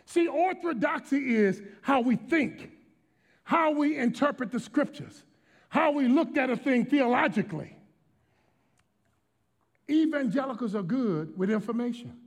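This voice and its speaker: A middle-aged male pastor from Washington, D.C., preaching a sermon in an emphatic, dynamic way, swinging between shouted lines and hushed storytelling. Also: very high voice, lively intonation, a little slow, long pauses.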